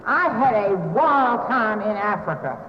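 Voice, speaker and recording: An older Southern woman tells her story with wry, self-mocking humor. Her voice sits high. It rings through a large echoey hall on a dull, muffled old recording. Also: lively intonation, unhurried, background noise. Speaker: speaker sharing her recovery story. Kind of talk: storytelling talk to an audience.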